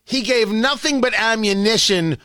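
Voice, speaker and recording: This talk radio host delivers an opinionated monologue with sarcasm, his high, bright, ringing voice leaping in pitch as he emphatically hammers each point. He speaks at normal speed into a studio microphone, recorded dry and close with no room sound.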